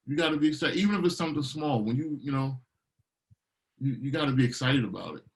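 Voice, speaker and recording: A man's voice: medium pitch, fast talker, low-quality recording. A middle-aged man from Baltimore, a DJ and producer talking casually in an interview, telling stories with a lot of energy and acting out what people said. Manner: animated storyteller, acts out quotes.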